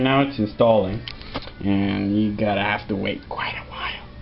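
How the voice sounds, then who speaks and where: A man's voice: on the low side, normal speed, vocal fry. A man walking through a casual tech tutorial, rambling and joking, sometimes putting on mock voices for what the computer says. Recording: dull lo-fi home recording with faint music.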